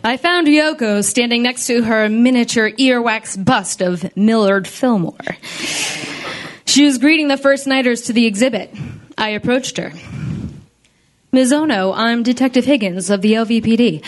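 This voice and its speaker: A woman narrating as a hardboiled, wisecracking female detective in a comedy radio play, deadpan and full of puns. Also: fairly high pitch, moderate pace, soft background music, natural voice.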